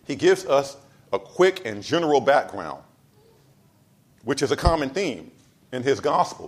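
A pastor delivering a sermon, driving points home with repeated lines and swinging between loud emphasis and soft asides. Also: male voice, mid-range voice. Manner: casual storytelling asides.

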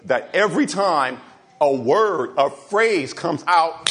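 A man preaching a sermon, moving between quiet asides and raised, emphatic exhortation, often repeating words as he builds a point. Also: fairly high pitch, lively intonation, slow. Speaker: pastor.

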